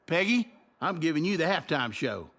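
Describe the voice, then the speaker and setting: A drawling school official. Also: male voice, a little high, very animated, normal speed, fairly bright tone, a little hiss or hum. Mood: matter-of-fact.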